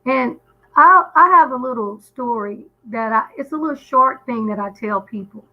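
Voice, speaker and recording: A woman's voice: fairly high pitch, lively intonation, normal speed, phone-quality sound. A woman calling in to a live stream, telling a story in an earnest, emphatic way with frequent restarts. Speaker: guest caller on a live stream. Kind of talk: casual call-in chat.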